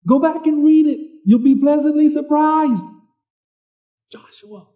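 A man preaching a sermon in a conversational way, who repeats words and reads scripture slowly. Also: very high-pitched, muffled recording.

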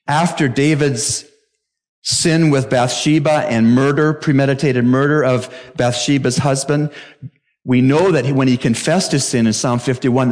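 A middle-aged male pastor preaching a sermon emphatically, jumping to sudden high exclamations. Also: a little mellow.

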